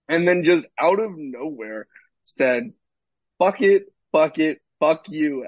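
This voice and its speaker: A man co-hosting a podcast, an animated storyteller in casual chat who swears freely. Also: fairly high pitch, slightly rough, no room sound, muffled recording. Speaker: podcast co-host.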